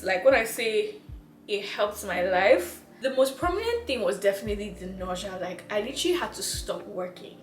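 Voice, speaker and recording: A woman's voice: mid-range voice, a bit bright. A young woman from Nigeria, out of breath, chatting casually to her viewers as a vlogger, laughing and repeating herself. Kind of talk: casual chat to camera. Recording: echoey room.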